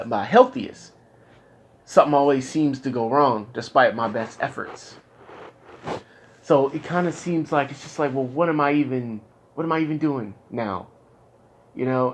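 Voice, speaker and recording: A young man in the middle of a candid conversation. He talks at an ordinary middle pitch, frustrated and rambling, circling back over his words with halting restarts. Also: a little hiss or hum. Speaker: client in therapy. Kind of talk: candid casual talk.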